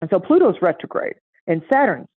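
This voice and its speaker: Animated woman on a tinny phone line. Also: on the low side, a little fast, husky, no room sound. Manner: animated, acts out voices in anecdotes. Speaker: astrology guest. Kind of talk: casual storytelling chat.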